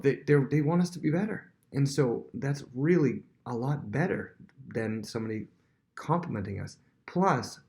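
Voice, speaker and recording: A man's voice: lowish voice, a little mellow. A man who is a worship leader, teaching a casual Bible lesson with everyday examples and frequent restarts.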